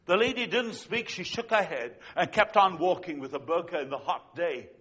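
A man preaching a sermon as a pastor, telling stories with swings between loud and hushed delivery. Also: a little high, expressive, moderate pace, breathy edge. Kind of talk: sermon with storytelling.

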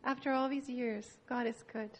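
An older woman from Canada giving a heartfelt, emotional church testimony, pausing and restarting as she speaks. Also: fairly high pitch, fairly even intonation, a little hiss or hum.

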